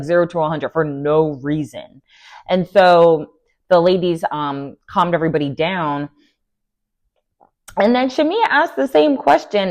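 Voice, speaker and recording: Chatty woman recapping reality TV. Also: fairly low pitch. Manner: chatty, animated, full of fillers, laughing asides. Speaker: recap vlogger.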